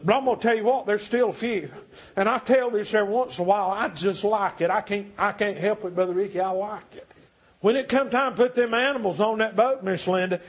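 Impassioned preacher, husky and high. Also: male voice. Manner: impassioned, swings from shouting to hushed pleading. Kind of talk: revival sermon. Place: church.

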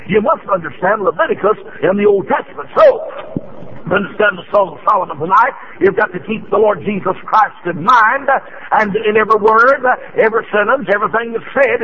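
A high-pitched man preaching with fervor, his voice climbing into shouts as he reads scripture and stitches phrases together with "uh." The recording is dull and muffled, like an old radio broadcast. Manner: fervent, rising to shouts, frequent "uh" fillers. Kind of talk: revival sermon.

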